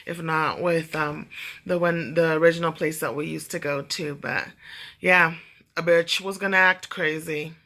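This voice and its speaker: A young adult woman vlogger telling a ranting story, swearing freely and acting out what people said. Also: fairly low pitch. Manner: animated storytelling, acts out quotes.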